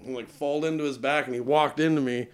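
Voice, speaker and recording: A man guest on a podcast, telling a long story in a casual, animated way, laughing often and filling with "like". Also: mid-range voice, fast talker, clean tone. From Utah.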